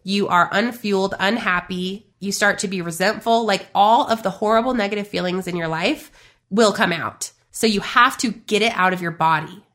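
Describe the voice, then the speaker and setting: A woman's voice: mid-range voice, normal speed, fairly bright tone. A woman in her thirties hosting a podcast, giving a chatty, emphatic motivational talk straight to her listeners. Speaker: podcast host and business coach.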